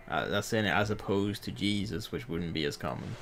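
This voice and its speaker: Male streamer, fairly low voice, blunt and sweary, game music playing behind. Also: brisk, vocal fry, a bit bright. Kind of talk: casual gaming chat.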